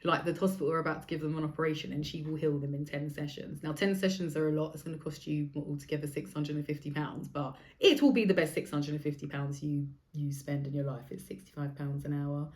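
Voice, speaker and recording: A woman's voice: sits low, level tone, quick pace, hardly any pauses, darkish tone. Chatty, swearing woman in her forties. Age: 40s. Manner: chatty, swears freely, acts out other people's lines. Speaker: podcast host. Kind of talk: casual storytelling monologue.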